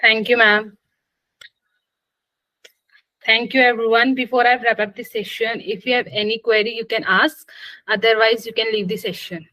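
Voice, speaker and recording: A woman's voice: on the high side, fairly even intonation, moderate pace, long pauses, pushed and bright, no echo, poor audio. A woman moderating an online class, closing it with polite, brief remarks.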